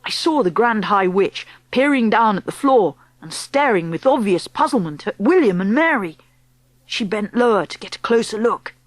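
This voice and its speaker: A woman narrating a children's audiobook in a lively storytelling manner. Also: medium pitch, normal speed, no room sound. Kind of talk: scripted narration.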